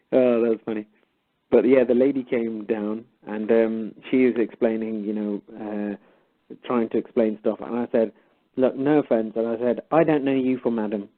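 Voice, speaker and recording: A man's voice: on the low side, flat delivery, a little slow. A man casually retelling a story, animatedly acting out both sides of a conversation. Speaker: guest storyteller. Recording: tinny phone-like line.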